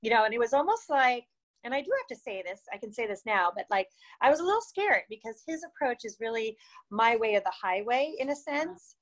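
A woman's voice: fairly high pitch, animated, a little fast. A woman in her fifties, a former distance runner, tells stories in an interview in a casual, chatty way, filling her talk with "you know" and "like" and often laughing. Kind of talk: casual storytelling.

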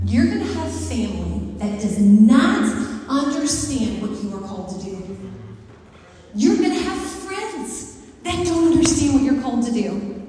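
High-voiced woman preaching in an echoey hall. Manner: animated, conversational, asks the audience questions. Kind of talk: sermon. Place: church hall with a live congregation. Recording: echoey hall, mic far off.

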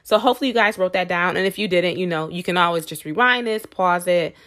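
A woman's voice: lowish voice, fast, a bit bright. A woman hosting a podcast, talking to her listeners in a casual motivational monologue. She fills her speech with "like" and "you know" and calls her listeners "y'all.". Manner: chatty, many fillers like "like" and "you know". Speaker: podcast host.

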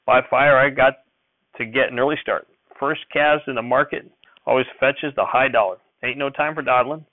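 A man voicing a fussy, excitable old rural grandfather who talks in a folksy backwoods dialect and breaks into sharp scolding. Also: mid-range voice, normal speed, no echo, pitched above the performer's own voice, close to an everyday voice. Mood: impatient. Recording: dry, thin phone-like sound.

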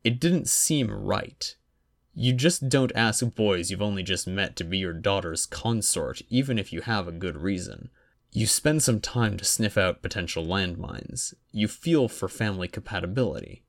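Man, audiobook narrator, wry, even, lowish pitch. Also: normal speed, gravelly. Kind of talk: fan fiction audiobook narration.

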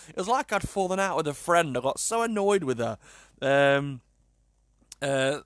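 A young British man talks casually to his viewers, exasperated and joking, with a fairly high voice. The recording is dry and close, with little room sound. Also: expressive, moderate pace, a bit bright, no room sound. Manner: chatty, exasperated, swears and laughs often. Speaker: vlogger. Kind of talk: casual chat to camera.

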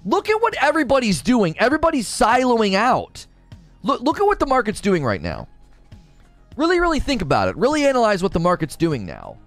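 A man arguing heatedly in a casual talk show, with a fairly high, very lively voice that rises and falls as he presses his case. He repeats himself for emphasis, and faint music plays underneath. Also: a little fast, dry recording. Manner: argumentative, emphatic, repeats points.

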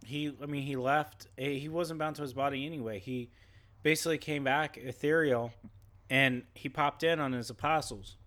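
A man co-hosting a casual podcast, spinning rambling, irreverent tangents into a mic with a pop filter. His voice is very bright and forward. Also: mid-range voice, fairly even intonation, normal speed. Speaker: podcast co-host. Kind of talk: casual chat.

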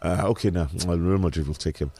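A man's voice: low-pitched, fairly even intonation, fast, vocal fry, warm tone, dry recording. A Nigerian man co-hosting a sports radio show, chatting casually about football, joking, laughing and slipping into pidgin.

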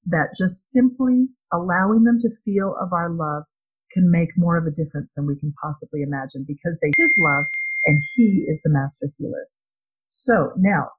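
A middle-aged woman giving a heartfelt devotional talk, speaking earnestly and gently as she shares a personal experience. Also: fairly low pitch, rough recording. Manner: earnest and gentle, with small laughs and restarts. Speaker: speaker sharing a faith-based parenting talk.

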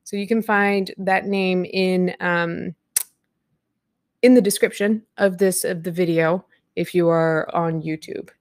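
A woman's voice: fairly low pitch, fairly even intonation, slow, a little mellow, no echo, studio quality. A woman in her thirties hosting a casual live podcast from home at her computer, chatting and rambling with frequent laughs. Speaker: podcast host. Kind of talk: casual live-stream chat.

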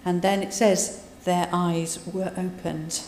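A woman preaches in a relaxed, conversational way, retelling scripture and adding her own asides. Her voice is mellow and warm. It rings with long reverb across a large hall. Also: fairly low pitch, slow, slight background noise. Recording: echoey hall, voice from a distance.

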